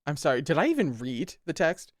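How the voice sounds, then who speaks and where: A man with a somewhat high voice reads a text aloud, then stops to react with sarcastic, exclamatory comments and casual swearing. The sound is dry, with no room echo at all. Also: big pitch swings, brisk. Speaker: host.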